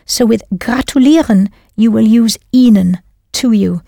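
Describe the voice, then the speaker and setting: A woman's voice: on the high side, a little slow, vocal fry, dark tone, no room sound. Woman teacher on an audio course, dry close sound, patient, prompts you then confirms. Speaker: language teacher. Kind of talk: scripted audio lesson narration.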